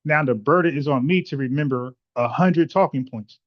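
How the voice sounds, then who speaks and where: A man's voice: fairly high pitch, normal speed. A man hosting a call-in podcast, talking bluntly and arguing his points, with lots of "like" and restarts in a casual chat style. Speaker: podcast host taking callers. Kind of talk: casual live-stream chat with callers. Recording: muffled lo-fi audio.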